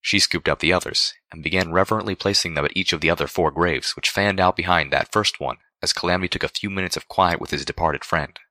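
A man narrating a fan fiction story aloud in a steady reading voice. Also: low voice, fast talker, few pauses, no room sound, clean studio sound.

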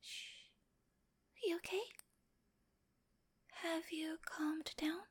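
A woman voicing a sweet but obsessive young girlfriend with a dark streak in a whispered role-play, speaking straight to the listener with giggles and coaxing whispers. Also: high-pitched. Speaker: voice actor in listener-addressed audio drama.

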